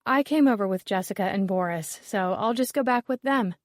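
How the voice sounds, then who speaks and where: A woman's voice: mid-range voice, fairly quick, no echo, close to an everyday voice. Woman doing an eager young woman appraiser.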